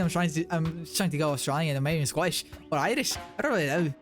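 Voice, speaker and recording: Brief: excitable gamer man, fairly high voice, casual commentary, faint music behind. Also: quick pace, few pauses. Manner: excitable, breaks into yelps and laughter. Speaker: gamer reading player books aloud.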